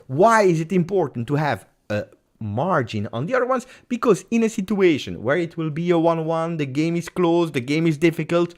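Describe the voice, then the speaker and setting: A man's voice: on the high side, lively intonation, normal speed. A man hosting a live post-match football reaction stream, talking in a heated, emphatic way and repeating phrases for stress. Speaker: football channel host.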